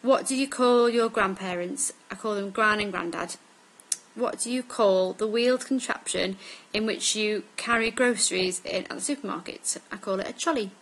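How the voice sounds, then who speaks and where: A vlogger in her twenties from Staffordshire, England, talks casually through a word list for an accent tag video, her accent a mix of northern English. Her voice is medium-pitched and a bit bright, and she speaks unhurriedly with frequent ums. The audio quality is poor.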